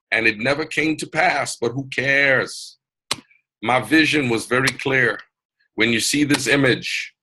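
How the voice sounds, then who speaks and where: A man with a Southern US accent hosting a motivational mentorship webcast over a video call, talking in an animated, folksy, digressive way. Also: on the low side. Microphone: computer mic on a video call.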